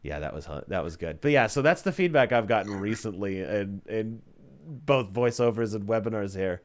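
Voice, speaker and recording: Male podcast co-host, lively pitch, animated storyteller who acts out the people he quotes. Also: normal speed, a little hiss or hum. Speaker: podcast co-host and voiceover artist. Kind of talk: casual podcast chat.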